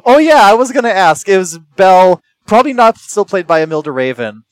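A podcast co-host chatting casually, quick and wry, sometimes stammering when starting a thought. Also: medium pitch, sing-song, low-quality recording. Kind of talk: casual chat.

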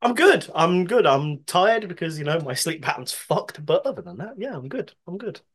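Ranting Brummy man, lively pitch. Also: normal speed, slightly rough. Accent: Birmingham. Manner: ranting, swears freely, laughs often. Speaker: podcast co-host. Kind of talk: casual chat.

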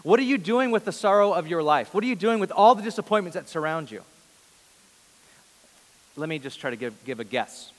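A pastor with a fairly high male voice delivers a sermon, reading scripture softly and then pressing his points with growing intensity. His voice rings with the long reverb of a large church sanctuary. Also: expressive, fairly quick, long pauses. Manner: reads scripture softly, then preaches with rising intensity on questions.

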